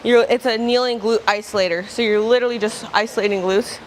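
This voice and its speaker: A woman's voice: a little high, steady tone, quick pace, slight background noise. A young woman casually vlogging her workout at the gym, chatty and loose, dropping "like" and "bro". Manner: chatty, filler-heavy, says "like" and "bro". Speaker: fitness vlogger. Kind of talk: casual vlog chat during a workout.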